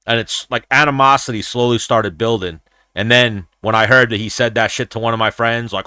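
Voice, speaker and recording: A man hosting a casual livestream chat who tells stories in a profane, animated way and acts out his own quoted lines. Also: mid-range voice, fairly quick, clean tone, dry recording, clean studio sound. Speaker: show host.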